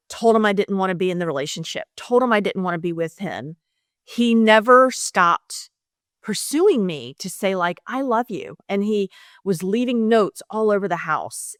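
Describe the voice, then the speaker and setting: A woman's voice: mid-range voice, dry recording, clean studio sound. A middle-aged woman telling a personal story candidly and with feeling as a podcast guest, speaking straight to the listeners. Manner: emotional, animated, talks to listeners directly.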